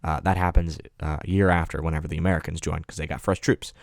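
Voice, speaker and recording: A man giving a casual, rambling film review, full of fillers and quick self-corrections. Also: sits low, flat delivery, gravelly, no echo, studio quality.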